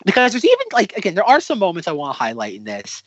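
A man's voice: sits high, wildly swooping pitch, fast talker, no room sound. A man co-hosting a podcast in casual chat, rambling with lots of restarts. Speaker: podcast co-host. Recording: slightly dull, lo-fi recording.

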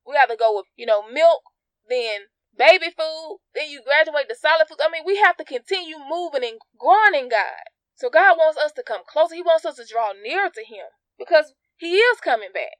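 A woman's voice: sits high, animated, normal speed, dry recording. A woman giving an informal devotional teaching, speaking earnestly, repeating phrases for emphasis and addressing her listeners directly. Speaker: Bible teacher.

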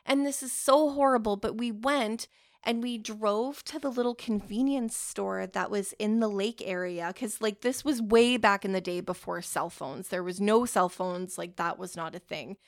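A woman's voice: medium pitch, moderate pace, no room sound, clean studio sound. A Canadian woman in her thirties, hosting a podcast and telling stories in a rambling, profane, self-mocking way. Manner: chatty, rambling, profane, laughs at herself. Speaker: podcast host. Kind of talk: casual storytelling monologue.

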